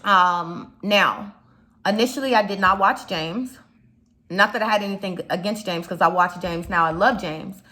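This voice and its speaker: A woman's voice: medium pitch, moderate pace, pushed and bright. A young woman from Chicago with a slight Chicago accent, talking casually in a rambling commentary vlog, full of fillers and asides. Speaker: YouTube commentator.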